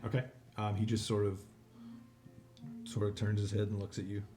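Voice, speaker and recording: A man's voice: lowish voice, level tone, moderate pace, roomy sound, music in the background. A man running a tabletop game as game master, narrating casually with fillers and restarts.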